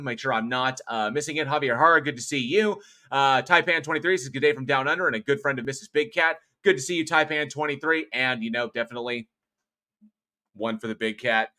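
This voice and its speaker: Male livestream host, bright ringing tone, chatty and thankful, casual swearing. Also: mid-range voice. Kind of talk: casual livestream chat, reading out viewer comments.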